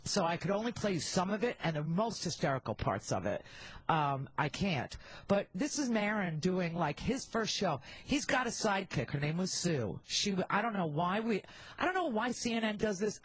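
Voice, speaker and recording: Middle-aged woman, talk radio host, husky, candid and wisecracking, rambling asides into a handheld mic. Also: lowish voice, very animated, moderate pace, no room sound, rough recording.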